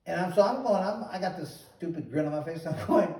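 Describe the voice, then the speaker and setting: A man hosting a show and telling a long story in an animated, casual way, often repeating "he goes". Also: sits high, fast talker, few pauses. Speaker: host, former boxer. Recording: roomy echo, distant mic.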